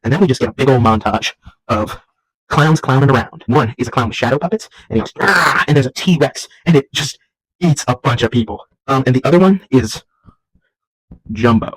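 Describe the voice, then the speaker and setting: A man's voice: medium pitch, fairly quick, dry recording, low-quality recording. A young man hosting a casual comedic vlog at home, rambling and jumping into silly voices. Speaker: vlog host. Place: at home while folding laundry.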